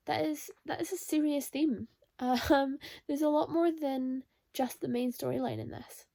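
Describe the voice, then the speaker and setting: Brief: young woman, book vlogger, high voice with vocal fry, gushing reactions. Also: steady tone, a little slow, few pauses, mellow, dry recording. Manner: emotional, exclamatory reactions. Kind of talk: casual reading vlog.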